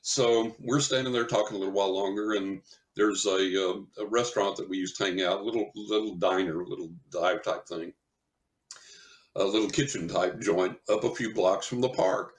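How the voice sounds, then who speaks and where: An older man, a psychic medium guest, telling a story in casual chat, lively and chuckling as he acts out what people said. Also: low voice, normal speed. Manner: animated anecdotal storytelling, chuckles often, acts out quotes.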